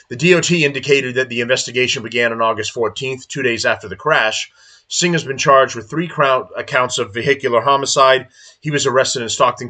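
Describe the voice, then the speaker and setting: A man's voice: mid-range voice, bright, forceful tone. A man hosting a podcast, reading news aloud and breaking into indignant, heated commentary. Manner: indignant, heated ranting between read-out passages. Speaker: podcast host.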